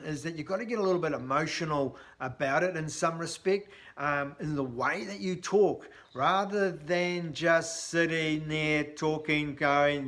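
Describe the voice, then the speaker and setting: Chatty, blunt man coaching on sales. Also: fairly high pitch. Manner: blunt, chatty, animated, with frequent fillers. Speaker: sales trainer. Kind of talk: casual instructional talk to camera.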